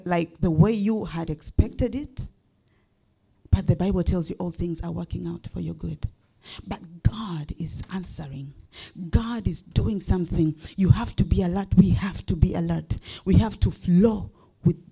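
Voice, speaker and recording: Mellow-voiced woman pastor preaching. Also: medium pitch, breathy edge. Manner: preaching with rising emphatic questions. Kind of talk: sermon.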